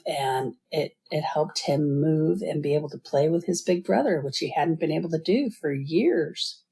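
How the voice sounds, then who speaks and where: Woman guest, middle-aged, gravelly and dark-toned, earnest storyteller. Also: sits low, normal speed, hardly any pauses. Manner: earnest, acts out quoted voices. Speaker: guest, business founder. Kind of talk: interview storytelling.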